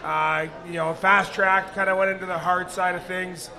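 A middle-aged man and former hockey player, speaking with a raspy voice, answering questions casually at a live bar event. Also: high-pitched, moderate pace. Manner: relaxed, rambling with fillers.

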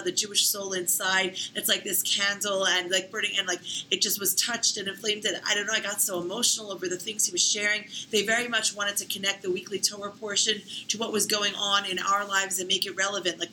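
A woman, telling her story as an interview guest in a lively, talkative way full of "like" and "you know". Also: mid-range voice, a little hiss or hum, low-quality recording. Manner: talkative, animated, many fillers like "you know" and "like".

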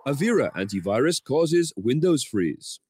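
A man reading a news headline segment in a measured, formal delivery. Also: mid-range voice, very animated, darkish tone, slightly rough. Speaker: news reader.

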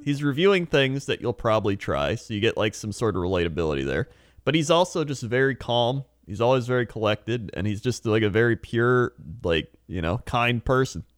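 A man chatting easily on a podcast, his pitch swinging up and down as he rambles through his thoughts. He leans on fillers and breaks into laughs, and his voice sits close and dry with no room sound. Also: very animated, brisk, no echo. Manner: laid-back, rambling, many fillers and laughs. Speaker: podcast co-host. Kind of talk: casual chat.

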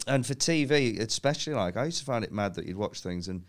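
A man's voice: fairly low pitch, expressive, fast. Comedian guy rambling through a story, voice bounces all over, keeps cracking himself up. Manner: storytelling, laughing at his own anecdotes. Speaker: comedian guest. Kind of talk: casual podcast chat.

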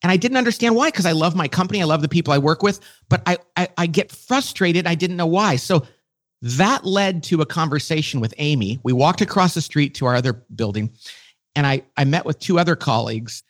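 A middle-aged man as a podcast guest, telling a story with quick, enthusiastic energy. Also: a little high, animated. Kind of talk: casual conversation.

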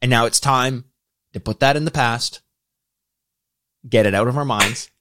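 A man's voice: mid-range voice, unhurried, fairly bright tone. A man co-hosting a casual podcast, rambling through stories with bursts of laughter. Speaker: podcast co-host.

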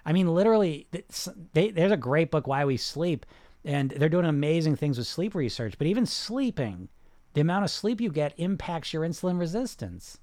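A man hosting a casual livestream about weight loss, answering viewer comments in an animated, repetitive, salesy way. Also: a little high, moderate pace, no room sound, studio quality.

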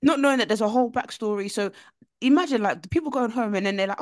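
A young woman co-hosting a podcast, telling stories with animated, playful energy. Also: on the high side, fast, no echo, studio quality. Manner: animated storytelling, jumps into voices. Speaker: podcast co-host. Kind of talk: casual chat.

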